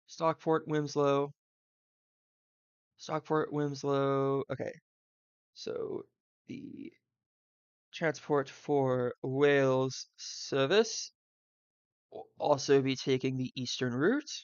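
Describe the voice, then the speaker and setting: A man's voice: medium pitch, drawn-out words, long pauses, clean tone, no room sound, lo-fi sound. A man from the Southern US, streaming live and thinking aloud, rambling with fillers and side tangents.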